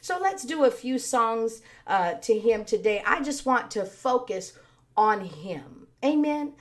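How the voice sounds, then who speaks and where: A woman with a bright, high voice preaches in an earnest, conversational way, taking her time over each thought. Her voice is a little raspy these days. She is leading an online worship service. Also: very animated, takes it slowly. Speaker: worship leader. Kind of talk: sermon with worship singing.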